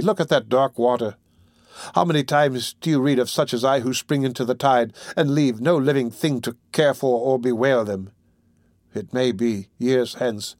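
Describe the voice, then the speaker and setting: A man's voice: mid-range voice, a little mellow, dry recording, studio quality, natural voice. A man voicing a fearful young street woman in an audiobook reading, who talks in an agitated, hasty way with broken restarts. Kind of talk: audiobook character voice.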